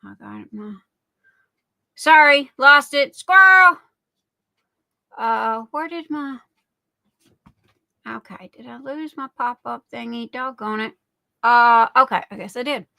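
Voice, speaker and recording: High, unhurried chatty woman host. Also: creaky, pushed and bright, dry recording, rough recording. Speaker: livestream host. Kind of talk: casual livestream chat.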